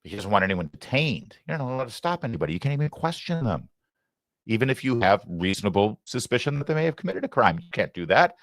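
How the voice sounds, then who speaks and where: Animated, indignant male talk host. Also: mid-range voice, quick pace. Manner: sarcastic, indignant, emphatic. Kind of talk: political commentary.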